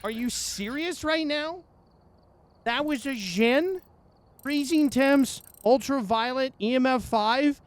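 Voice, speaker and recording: A man's voice: very high voice, slow. A man commentating his own horror-game play, talking to the ghost and getting exasperated, swearing freely. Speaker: gaming streamer. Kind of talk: casual let's-play commentary.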